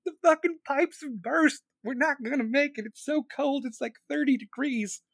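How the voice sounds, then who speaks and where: A man voicing a panicking Texan country man caught in an ice storm, shouting in a high, shrill voice. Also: normal speed, vocal fry, no echo, studio quality, exaggerated voice. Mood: panicked.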